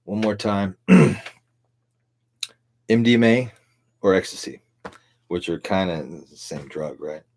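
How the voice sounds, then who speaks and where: A man's voice: deep voice, slow, pauses often, darkish tone, a little hiss or hum. A middle-aged man hosting a livestream, a tipsy, rambling and profane monologue with frequent laughter. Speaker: livestream host.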